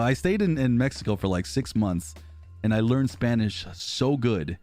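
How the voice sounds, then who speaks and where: A man in his thirties from the United States, with an American accent, chats casually with live-stream viewers, reading comments in a rambling, self-deprecating way. His mid-range voice is animated, a little mellow, and at normal speed. There's no echo, just soft background music.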